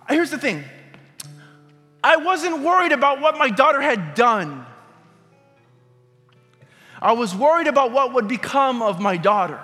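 High-voiced man preaching in a hall. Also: pushed and bright. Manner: storytelling, conversational, asks the audience questions. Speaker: pastor. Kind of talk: sermon with personal story. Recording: reverberant hall with music.

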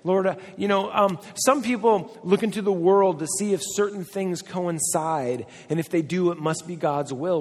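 Preaching with a light, joking touch, this pastor has a high, somewhat mellow voice and speaks at a moderate pace with few pauses. He chats with the congregation and performs the voices he quotes, all echoing with the long reverb of a church hall.

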